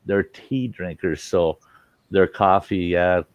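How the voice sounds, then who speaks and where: Telling folksy tales from the road on his casual live stream, the host brings the characters to life by quoting them with animation. He speaks slowly in a low voice, and the recording is muffled with no room sound.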